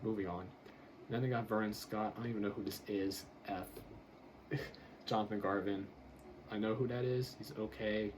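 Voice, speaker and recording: A man's voice: lowish voice, steady tone, moderate pace, pauses often, noisy background. A man grading football draft picks in a casual commentary, blunt and exasperated, swearing and laughing as he rants.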